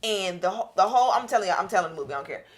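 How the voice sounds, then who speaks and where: Young woman co-host, quick delivery, blunt, rambling casual talker. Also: medium pitch, animated. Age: young adult. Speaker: podcast co-host. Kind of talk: casual chat.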